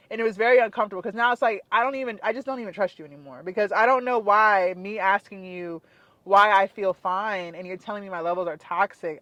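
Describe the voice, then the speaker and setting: Young woman vlogger, mid-pitch, dry close sound, animated and frustrated storytime rant. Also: dry recording, lo-fi sound. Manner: frustrated, animated, says "like" constantly. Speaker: fitness and wellness vlogger. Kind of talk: casual storytime rant to camera.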